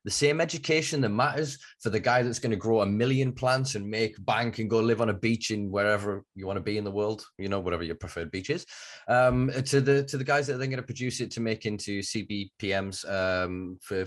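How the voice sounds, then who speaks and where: Passionate Northern English man, low voice. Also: a little fast. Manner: passionate, emphatic, swears freely. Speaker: podcast host. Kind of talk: casual podcast conversation.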